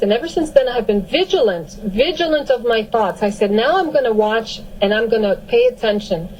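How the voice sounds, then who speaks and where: A woman telling a personal story in a casual, animated and emphatic way. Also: fairly high pitch, a little hiss or hum, low-quality recording.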